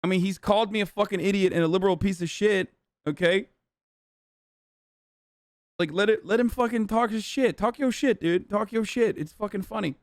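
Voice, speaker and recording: A man's voice: high-pitched, normal speed, long pauses, dry recording, clean studio sound. A man streaming live, reading and reacting to his chat in casual, profane, sarcastic commentary. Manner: animated, sarcastic, swears often.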